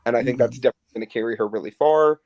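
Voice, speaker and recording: Guy cohosting a podcast, mid pitch, super dry close sound, talks fast and loose with lots of likes and ums. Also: dry recording. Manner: animated, frequent fillers and "like". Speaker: podcast co-host. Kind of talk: casual chat.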